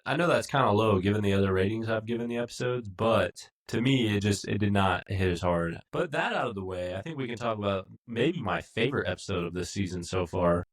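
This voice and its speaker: A man with a fairly low voice talks casually as a podcast co-host. He rambles through an episode recap, leaning on "like" and "um". His tone is relaxed and conversational. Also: fairly quick, hardly any pauses. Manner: rambling, full of fillers. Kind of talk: casual review chat.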